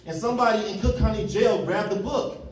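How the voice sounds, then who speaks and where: A man, giving an animated motivational talk on stage and acting out the people in his stories. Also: high-pitched, brisk. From Chicago, USA. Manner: animated storytelling, acting out quotes. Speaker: community organizer and speaker. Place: large hall on stage. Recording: echoey hall, from far off, faint noise.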